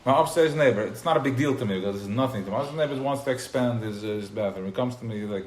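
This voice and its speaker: A man giving an informal live class to a small group, who gets worked up and loud, then drops into quiet asides. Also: mid-range voice, rapid-fire, hardly any pauses. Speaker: teacher of a class. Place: room with a small live audience. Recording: roomy live recording with faint noise.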